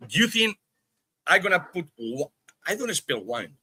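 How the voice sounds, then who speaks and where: Bright, lively-voiced podcast co-host man. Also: a little high, moderate pace, slightly rough. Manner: playful, laughing, swearing banter. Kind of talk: casual podcast chat. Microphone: remote streaming call.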